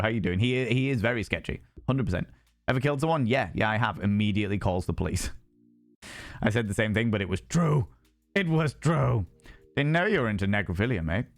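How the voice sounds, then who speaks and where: A young man talks animatedly over a dating game he is streaming, reading lines aloud and swearing freely. His voice sits at a mid pitch in a dry, close sound with faint music behind it. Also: creaky, no echo. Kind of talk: casual gameplay commentary.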